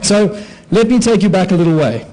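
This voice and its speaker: Guy, fairly high voice, telling funny self-mocking stories at a conference, lots of asides and silly sound effects. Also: expressive, a little fast, warm tone, rough recording. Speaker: conference speaker, anaesthetist. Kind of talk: comic storytelling talk to an audience. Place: conference hall with an audience.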